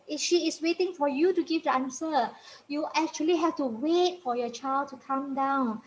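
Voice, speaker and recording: A woman's voice: high-pitched, normal speed, slight background noise, rough recording. A woman coaching parents in a chatty, encouraging way, often laughing, repeating her points and checking in with "okay?". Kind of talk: informal parenting talk.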